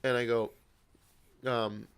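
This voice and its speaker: This young podcast host speaks at a medium pitch, slowly and smoothly, with a level tone. Chatting casually, he tells a family story, laughing, swearing and acting out what people said.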